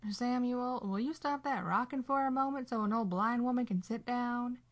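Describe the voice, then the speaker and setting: A woman voicing a kindly, teasing old blind woman who speaks gently and motherly in a storybook reading. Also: fairly high pitch, moderate pace, voice pushed up, natural voice.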